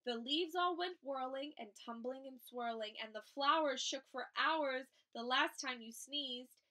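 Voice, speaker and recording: A woman's voice: sits high, unhurried, sharp tone, far from the mic. A woman reading the lines of a group of anxious monkeys, pleading in rhyme. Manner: pleading, rhyming.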